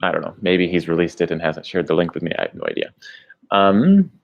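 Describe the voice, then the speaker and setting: A man's voice: sits low, a little fast, gravelly, lo-fi sound, slight background noise. A man who vlogs about his travels, chatting casually on a livestream and rambling through answers to viewer questions. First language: English. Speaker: travel vlogger.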